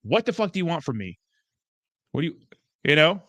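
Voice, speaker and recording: A man hosting a crypto livestream, answering his chat in a profane and excitable way. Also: fairly high pitch, brisk, pauses often, no room sound, studio quality. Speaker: crypto YouTuber host.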